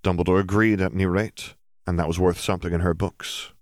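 A man narrating a fantasy story in a steady, even reading. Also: sits low, fairly quick, no room sound, studio quality. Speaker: audiobook narrator. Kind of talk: fan fiction audiobook reading.

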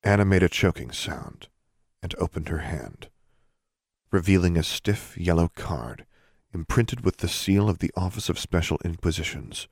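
A man narrates an audiobook with steady, even storytelling. His voice is very deep. The sound is bone dry, with no room around it. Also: moderate pace, vocal fry, no room sound. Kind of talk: scripted narration.

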